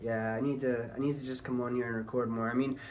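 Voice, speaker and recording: A man's voice: medium pitch, little pitch movement, fast talker, muffled recording, slight background noise. A man ranting heatedly on his vlog, swearing a lot and talking in a casual, angry way. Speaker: vlogger.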